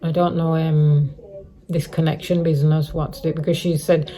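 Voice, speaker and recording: A woman's voice: sits low, level tone, normal speed, warm tone. A middle-aged woman vlogging a casual update to her viewers, rambling and repeating herself, with many restarts. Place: living rough on the streets.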